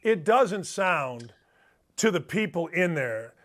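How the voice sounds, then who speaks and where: A man's voice: sits high, very animated, slow pace, fairly bright tone. A man hosting a sports talk show, chatting bluntly and teasing his co-host. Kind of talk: casual sports chat.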